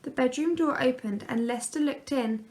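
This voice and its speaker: A woman reading a children's picture book aloud, gently and expressively. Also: high voice, moderate pace. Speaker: storyteller.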